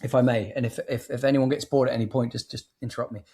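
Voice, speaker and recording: A man's voice: medium pitch, fairly even intonation, racing, mellow, husky. A man who is a guest on a film review podcast, talking in an eager, rambling way with many restarts. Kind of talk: casual film review chat.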